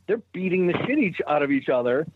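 A man's voice: a little high, very animated, fast talker, phone-quality sound, slight background noise. A man from Boston, a guest on a podcast, telling stories animatedly and swearing freely in casual chat. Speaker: guest, show creator.

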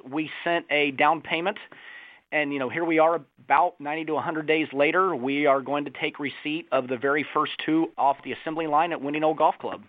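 A man's voice: fairly high pitch, no room sound. A man who manages a golf club, talking eagerly and chattily as a phone interview guest, often saying "you know". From Ohio. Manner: eager, chatty, with filler phrases. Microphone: telephone. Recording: tinny phone line.

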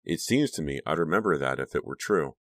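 A man's voice: a bass voice, animated, fairly quick, no room sound, studio quality. A man voicing an uneasy, irritated teenage girl who stammers and mutters.

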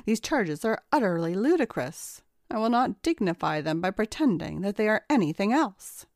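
A woman's voice: medium pitch, very animated, moderate pace, a little mellow, dry recording, clean studio sound. A woman voicing a stubborn, imperious woman on trial who speaks curtly and insists on her way. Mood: haughty. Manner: curt, haughty, insistent.

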